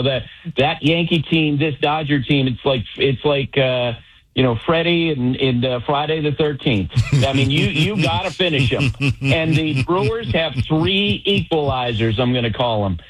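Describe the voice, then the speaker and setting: A middle-aged man breaks down baseball on sports radio with firm opinions and a string of quick examples. His voice sits in a middle pitch. The sound is dull and lo-fi, like a radio feed. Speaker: baseball analyst.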